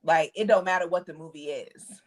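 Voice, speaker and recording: A woman's voice: lowish voice, fairly quick. A woman co-hosting a podcast in casual chat, giving blunt, curt retorts. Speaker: podcast co-host.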